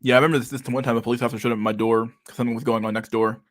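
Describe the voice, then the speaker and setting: A man's voice: medium pitch, level tone, rapid-fire, dry recording, studio quality. A man in his thirties hosting a casual live stream, reading viewer comments aloud in a loose, profane way and saying "dude" a lot. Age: 30s.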